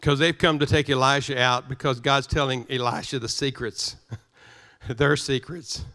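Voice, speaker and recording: A man's voice: mid-range voice, fairly even intonation, unhurried, sharp tone. A male pastor preaching a sermon, emphatic, repeating his phrases and restarting words as he drives his points home.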